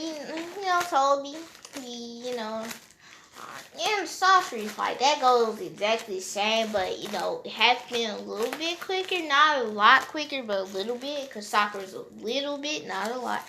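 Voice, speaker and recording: A woman's voice: a little high, sharp tone, slight background noise. Rambling woman telling a fan story. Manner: rambling, full of "you know" fillers and joking asides. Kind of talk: unscripted casual retelling.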